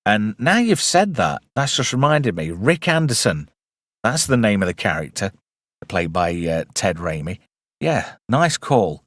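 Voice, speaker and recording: A man's voice: fairly low pitch, very animated, measured pace, fairly bright tone, dry recording. A man hosting a casual live film review stream, chatty and wry with rambling asides.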